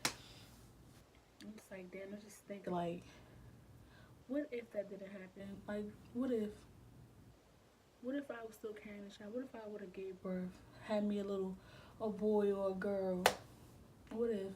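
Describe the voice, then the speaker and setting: A woman's voice: medium pitch, fairly even intonation, a little slow, pauses often, background noise. Candid young woman vlogger, slangy and emotional. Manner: candid, slangy and profane, with repetitive phrasing; subdued and emotional. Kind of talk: casual storytime vlog.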